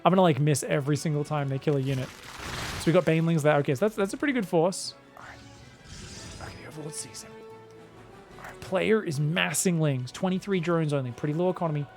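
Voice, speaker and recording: A man casting viewer-sent game replays in a casual, joking commentary style, often laughing and getting excited. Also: fairly high pitch, fast, soft background music. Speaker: game caster.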